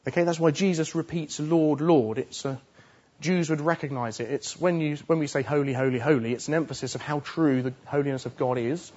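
A man's voice: on the high side, fairly quick, a little mellow, muffled recording. A man preaching a sermon earnestly, pressing his points home with emphatic repetition. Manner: earnest, emphatic, repeats phrases for stress.

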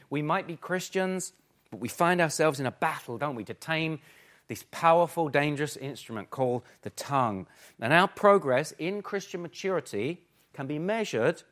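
A man preaching a sermon, emphatic, full of rhetorical questions, swinging between forceful and hushed. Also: mid-range voice. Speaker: pastor.

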